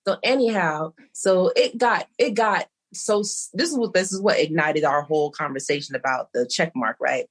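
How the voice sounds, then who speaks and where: In a laid-back podcast conversation, this middle-aged co-host spins a lengthy, wandering tale and trades quoted lines. She speaks on the low side at an ordinary pace, pausing little.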